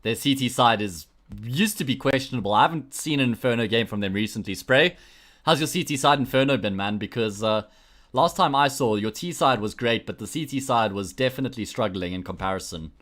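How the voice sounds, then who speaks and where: A man's voice: mid-range voice, expressive, a little fast, a bit bright. A man with a South African accent casting an esports stream on his own, with a jokey, rambling manner, chatting with viewers between matches. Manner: jokey, rambling banter with frequent restarts. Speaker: esports caster. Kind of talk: solo livestream commentary, chatting with viewers.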